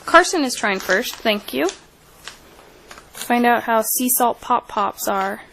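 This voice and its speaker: Chatty mom vlogger, slightly high voice. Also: female voice, lively intonation, takes it slowly, gravelly, sharp tone, a little hiss or hum, rough recording. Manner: chatty, reads product names aloud, coaxes her kids. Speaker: mother filming her kids. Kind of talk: casual home unboxing vlog. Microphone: camera mic.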